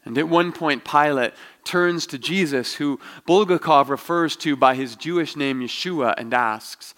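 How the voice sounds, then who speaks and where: A man preaching a sermon in a middle-range voice. He talks in a reflective, measured way, like someone telling a story. He pauses between thoughts to let them land. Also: medium pitch, fairly bright tone. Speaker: pastor.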